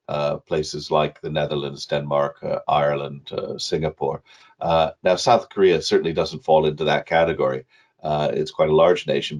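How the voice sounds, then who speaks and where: A man presenting slides in an online webinar, speaking in a measured way with many filler hesitations. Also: very deep voice, darkish tone, breathy edge.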